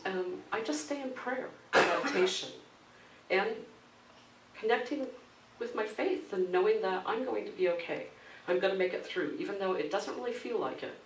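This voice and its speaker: A woman's voice: fairly low pitch, a little hiss or hum. A middle-aged woman minister preaching a conversational sermon, telling a personal story with frequent laughs. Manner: animated storytelling, laughs often, acts out quoted voices. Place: church sanctuary. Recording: echoey room, mic at a distance.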